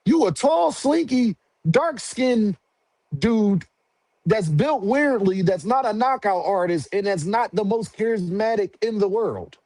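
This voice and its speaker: A man's voice: high voice, no room sound. A man on a casual livestream, talking boxing in heavy slang and answering his chat directly. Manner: slangy, animated, talks back to chat. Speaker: boxing commentary streamer.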